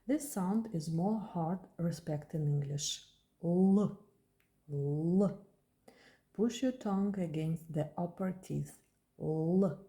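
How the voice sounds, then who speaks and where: A woman's voice: sits low, creaky, mellow. A woman teaching a language lesson, carefully repeating words and drilling pronunciation.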